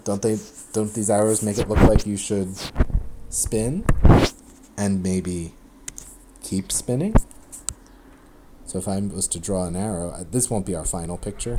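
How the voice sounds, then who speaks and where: A man giving a recorded math lecture at a board, chatty and animated, often breaking off and restarting his sentences. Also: fairly low pitch, a little hiss or hum. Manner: chatty, self-interrupting, animated explanations.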